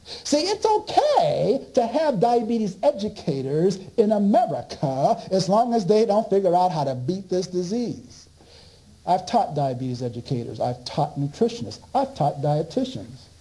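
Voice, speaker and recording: A man giving a lecture, telling an animated story and laughing along with it. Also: high-pitched, low-quality recording.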